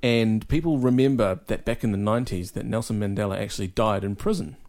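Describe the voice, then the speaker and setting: A man's voice: fairly low pitch, a little fast, a little mellow. A man co-hosting a podcast, chatting casually, rambling with jokes and swearing freely. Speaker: podcast co-host. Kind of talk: casual chat.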